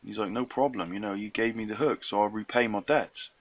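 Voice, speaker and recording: A man's voice: fairly low pitch, fairly quick, lo-fi sound. A young man casually retelling a folk tale in a chatty, slangy way, acting out the characters' lines. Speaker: storyteller.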